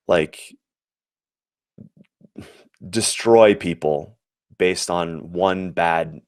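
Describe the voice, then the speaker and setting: A man with a low voice is heard in an echo-free, studio-quality recording. In his forties and American, this former Olympic athlete tells sincere, reflective stories in an interview, repeatedly restarting his sentences.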